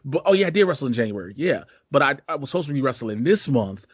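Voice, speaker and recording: A man's voice: medium pitch, sing-song, quick pace, slightly rough, no room sound. Chicago guy hosting a podcast, laid back and cussing, dry muffled lo-fi sound. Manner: laid-back, profane, rambling slang. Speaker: podcast host. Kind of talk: casual podcast chat.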